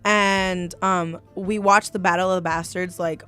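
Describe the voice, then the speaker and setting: A woman in her twenties co-hosting a podcast, telling stories in an animated way, full of slang and swearing. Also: fairly low pitch, measured pace, soft background music. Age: 20s. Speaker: podcast co-host. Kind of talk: casual chat.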